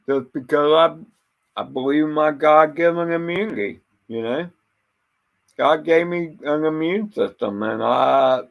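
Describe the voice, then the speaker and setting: Gravelly, blunt, swearing man. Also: on the high side, a little slow. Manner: blunt, rambling, swears freely; stammers and repeats words. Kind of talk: casual rambling monologue.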